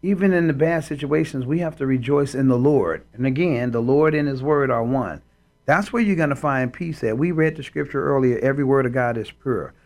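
A man's voice: medium pitch, brisk, a little mellow. A man co-hosting a Christian talk show, speaking in an emphatic, preacherly way and quoting scripture. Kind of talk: faith talk show discussion.

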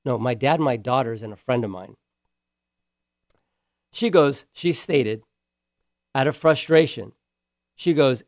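A man's voice: a little high, expressive, normal speed, long pauses, a little mellow, no room sound, studio quality. A man preaching a sermon, telling a story earnestly and often restarting his words. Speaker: pastor.

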